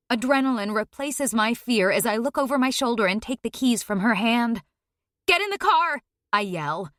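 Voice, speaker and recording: A woman's voice: fairly high pitch, a bit bright, dry recording, studio quality. Tense, emotional woman narrating a story. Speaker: audiobook narrator. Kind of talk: first-person dramatic story narration.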